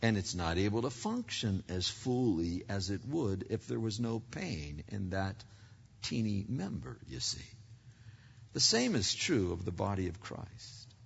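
Bright-voiced male preacher in a hall. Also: mid-range voice, vocal fry, husky. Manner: emphatic, rhetorical questions, repeats words. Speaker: pastor. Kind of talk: sermon. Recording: dull recording in echoing hall.

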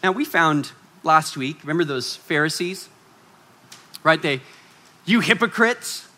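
Bright-voiced, animated male preacher. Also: on the high side, measured pace. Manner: animated, swings from loud to hushed, acts out quoted voices. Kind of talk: sermon.

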